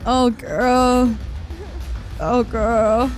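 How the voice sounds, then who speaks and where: Slow-talking woman streamer, chatty. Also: medium pitch. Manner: chatty, reads out and answers chat, laughs often. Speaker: game streamer. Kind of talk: casual live-stream chat while gaming. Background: soft background music.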